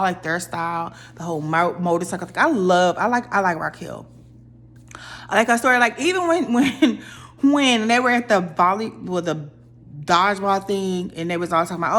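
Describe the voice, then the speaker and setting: Opinionated woman ranting about reality TV. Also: medium pitch. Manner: animated, opinionated, dramatic voice jumps when quoting people. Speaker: reality TV commentator. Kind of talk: casual rant about a reality show.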